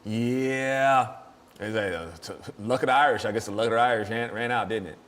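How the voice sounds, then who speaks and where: A man's voice: lowish voice, fast, fairly bright tone. A man hosting a show, chatting casually and jokily, rambling and laughing often. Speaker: show host. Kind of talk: casual comedic chat.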